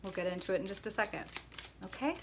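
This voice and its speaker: A woman's voice: medium pitch, lively intonation, fast, noisy background. A woman hosting a live tarot stream, bubbly and chatty, greeting viewers by name and laughing often.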